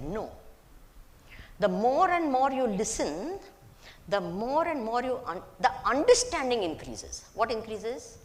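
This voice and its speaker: A woman's voice: on the high side, sing-song, unhurried. A woman, giving a spiritual discourse as a Vedanta teacher to a live audience. She poses questions and answers them herself, and repeats words for emphasis.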